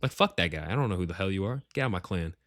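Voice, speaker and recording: His voice is deep and fairly bright, with lively intonation and very fast delivery, captured with clean studio sound and no room sound. The speaker is a gaming clan leader at home with family around, casually ranking his gaming group in profane, slang-filled, rambling banter.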